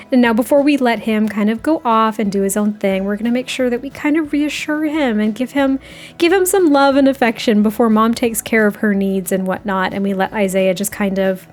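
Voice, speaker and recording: A young woman chatting through casual game commentary, laughing often and breaking into excited outbursts. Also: a little high. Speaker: gameplay commentator.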